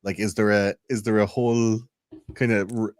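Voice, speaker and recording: A man's voice: on the low side, flat delivery, normal speed, dry recording. A man co-hosting a podcast in casual chat, rambling and swearing with many fillers. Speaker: podcast co-host.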